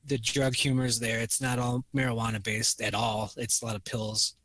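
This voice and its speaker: A man's voice: mid-range voice, flat delivery, normal speed, a bit bright, dry recording. A man co-hosting a podcast, chatting casually and profanely about movies, rambling with many fillers and acting out quotes. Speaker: podcast co-host.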